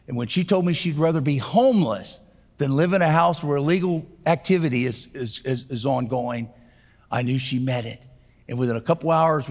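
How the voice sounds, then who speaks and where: Husky-voiced man in his sixties, echoing hall. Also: mid-range voice. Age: 60s. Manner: earnest, conversational retelling with fillers. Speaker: keynote speaker. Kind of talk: personal testimony storytelling. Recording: reverberant hall.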